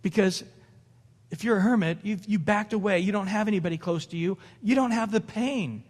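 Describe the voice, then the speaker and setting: A man's voice: sits high, fairly quick. A middle-aged male pastor preaching an evening sermon in a conversational way, laughing and acting out little dialogues. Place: church sanctuary. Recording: long hall reverb.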